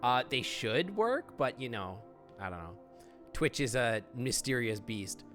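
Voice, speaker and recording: A man's voice: mid-range voice, big pitch swings, measured pace, a bit bright, faint music behind. A man streaming a game live, chatting, laughing often and reacting on the fly. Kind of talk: live gameplay commentary.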